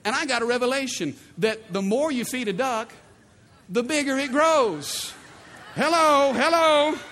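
A middle-aged male pastor preaching with a high, lively voice that swoops up and down, full of playful call-and-response. His sermon rings out with the long reverb of a large church hall, with faint room ambience behind it. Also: normal speed, a little hiss or hum.

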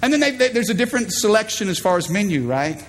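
Preacher man in his thirties, high-pitched, emphatic, drawing in the congregation; stage recording with long hall reverb. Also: sing-song, fast, slight background noise. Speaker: pastor. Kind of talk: sermon. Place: church stage.

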